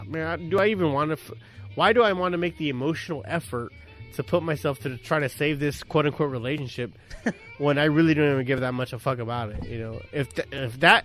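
A man chatting casually on a podcast about relationships, cursing freely and telling stories with sudden loud outbursts. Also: fairly high pitch. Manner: profane, animated storytelling with sudden shouted outbursts.

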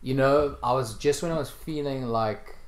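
A man's voice: mid-range voice, normal speed. A man in casual podcast chat, laid-back and slangy, swearing now and then. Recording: roomy echo, faint noise.

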